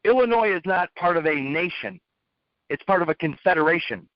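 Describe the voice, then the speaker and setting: High-pitched man lecturing in rhetorical questions. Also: brisk, no room sound. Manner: asks rhetorical questions and repeats phrases. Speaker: speaker. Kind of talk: lecturing monologue. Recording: dull, dry lo-fi recording.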